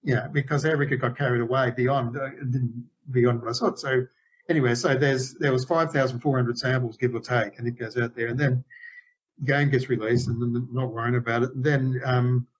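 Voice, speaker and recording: A man's voice: medium pitch, little pitch movement, brisk, breathy edge. Rambling older man, dull lo-fi sound. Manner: rambling, frequent restarts and self-corrections. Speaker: game developer guest. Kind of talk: casual interview storytelling.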